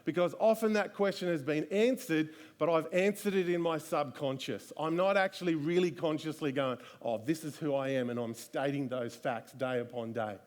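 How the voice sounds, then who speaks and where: Male pastor with a slightly high voice, preaching earnestly at a live church service. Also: moderate pace, few pauses. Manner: earnest, repetitive, rhetorical questions. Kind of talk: live sermon.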